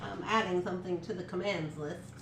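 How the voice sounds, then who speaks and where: A woman's voice: on the low side, a little fast, distant mic. A woman hosting a casual morning livestream, chatting to viewers and muttering to herself while she works. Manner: talks to herself while working, muttering and laughing. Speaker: livestream host. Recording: roomy echo, faint background hum.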